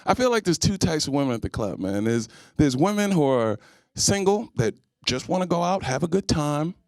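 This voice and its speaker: Animated young male stand-up comic. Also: on the high side, moderate pace, no room sound. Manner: animated, acts out scenes in voices. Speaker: stand-up comedian. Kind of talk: stand-up comedy set.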